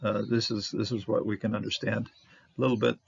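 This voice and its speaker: A man teaching a Bible word study, halting with many fillers as he sounds out Hebrew words. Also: lowish voice, level tone, vocal fry, breathy edge, muffled recording.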